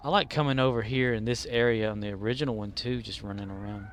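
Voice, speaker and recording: A man's voice: lowish voice, steady tone, fast, a little hiss or hum. A man streaming a game live, rambling and joking as he plays and mutters to himself. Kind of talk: casual live-stream commentary.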